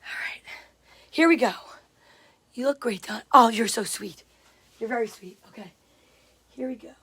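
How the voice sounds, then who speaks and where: Chatty high-voiced woman livestreaming. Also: normal speed, a bit bright, husky. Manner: chatty, greets viewers by name, reads comments aloud. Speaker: livestream host. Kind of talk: casual livestream chat.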